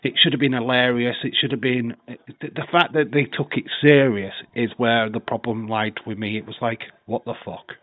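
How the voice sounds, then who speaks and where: A man rants through a casual podcast chat and fires off sweary, exasperated rhetorical questions. His voice sits at an ordinary middle pitch. It comes through a narrow, tinny band that sounds dry and close. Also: steady tone, normal speed, hardly any pauses, dry recording. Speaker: podcast host.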